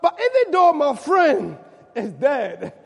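A man voicing a grieving king who mourns his dead friend in loud, pleading repeated cries. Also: very high-pitched, huge pitch swings, slow pace, gravelly, voice pushed up, exaggerated voice. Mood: anguished lament. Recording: long reverb of a large hall.

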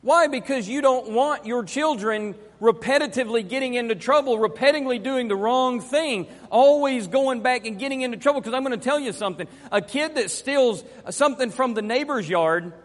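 A man's voice: very high-pitched, moderate pace. A man preaching a sermon, emphatic and fond of repeating his key phrases. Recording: long hall reverb.

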